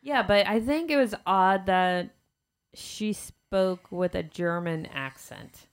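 A woman's voice: medium pitch, slow, clear, resonant tone. A woman co-hosting a podcast who chats casually and answers with short, agreeable interjections. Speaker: podcast co-host. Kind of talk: casual chat.

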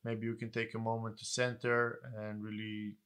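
A man co-hosting a podcast, talking calmly and reflectively and giving advice straight to listeners. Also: fairly low pitch, moderate pace, clean tone. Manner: calm, reflective, advising listeners. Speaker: podcast co-host. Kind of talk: casual podcast chat.

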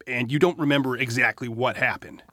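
A man's voice: mid-range voice, steady tone, brisk, bright, forceful tone, no echo, clean studio sound. A man, a defense lawyer, cross-examining a witness with pointed, leading questions.

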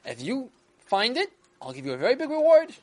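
A grand, eager king who calls out in a high, lifted voice, as a storyteller puts him on. His lines swing widely in pitch. Each proclamation comes out loud and bright. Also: wildly swooping pitch, fairly quick. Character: excited royal king, generous and grand. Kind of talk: storytelling to children.

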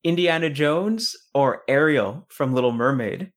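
A man's voice: medium pitch, animated, measured pace. A man co-hosting a casual chat about films, rambling and searching for words. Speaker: podcast co-host.

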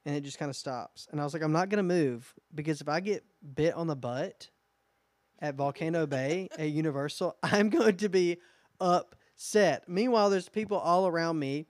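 A man's voice: fairly high pitch, normal speed, no echo. A young man co-hosting a podcast, telling stories in casual chat and acting out what people said. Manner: lively storyteller, acts out quotes. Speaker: podcast co-host.

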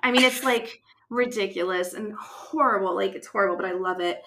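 A woman's voice: mid-range voice, brisk, slight background noise. A woman from the West Coast co-hosting a podcast, chatting casually with lots of fillers. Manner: chatty, many fillers, animated retelling. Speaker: podcast co-host. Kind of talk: casual chat.

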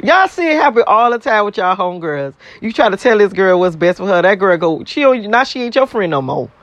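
A man's voice: high voice, very animated, brisk, a bit bright, no room sound, highs cut off. A man in a casual, blunt, profane rant to his viewers, repeating himself and laughing between points. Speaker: vlogger.

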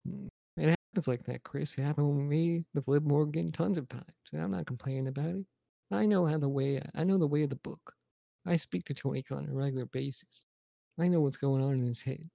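Man, podcast co-host, teasing banter, gravelly, dry sound. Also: fairly high pitch, a little fast, mellow, dry recording. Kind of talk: casual chat.

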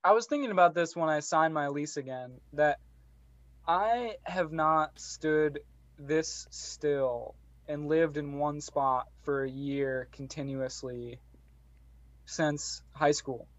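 Reflective young man, slightly higher voice. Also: slow pace, no echo. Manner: rambling, reflective, laughs often. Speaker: podcast co-host. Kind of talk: casual chat.

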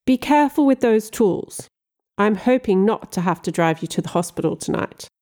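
A woman reading an audiobook, voicing a polished and polite man who speaks in a measured, courteous way. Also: medium pitch, expressive, a little mellow, close to an everyday voice.

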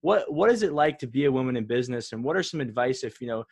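A man's voice: medium pitch, lively intonation, fast talker, gravelly, slightly rough, no echo. Young male podcast host, dry sound. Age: 20s. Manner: rambling, filler-heavy questions. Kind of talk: casual interview.

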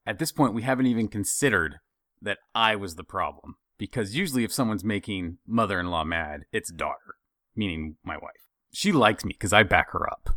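A man's voice: on the low side, normal speed, no room sound, clean studio sound. A man telling a funny family story in casual chat, acting out the voices of the people in it. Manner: animated, acts out quoted voices.

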